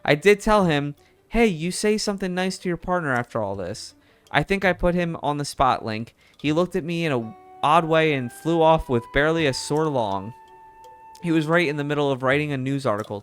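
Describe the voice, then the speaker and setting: A man's voice: a little high, expressive, normal speed, fairly bright tone, clear, resonant tone, soft background music, pitched above the performer's own voice. A man reading a proud newspaper editor in a game, in a raised voice.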